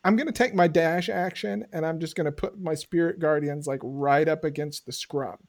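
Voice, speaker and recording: A man talking as a player in a tabletop role-playing game, laughing often and shouting his character's lines. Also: on the high side, moderate pace.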